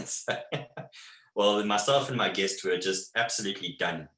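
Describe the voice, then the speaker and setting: Man presenting a webinar, low-set forceful voice, echoey room over a call mic. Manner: vivid anecdotal storytelling, many fillers and restarts. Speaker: wildlife photographer giving a webinar talk. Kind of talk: storytelling presentation.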